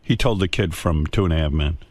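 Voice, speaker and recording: A man's voice: very deep voice, quick pace, no room sound. A man hosting a radio talk show, with a sardonic, mocking way of talking in casual banter. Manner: sardonic, mocking, animated delivery.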